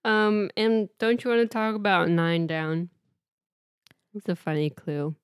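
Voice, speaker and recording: A woman's voice: medium pitch, level tone, unhurried, smooth, no room sound, studio quality. A woman co-hosting a casual chat about crossword puzzles, teasing and giggling through her sentences. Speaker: podcast co-host.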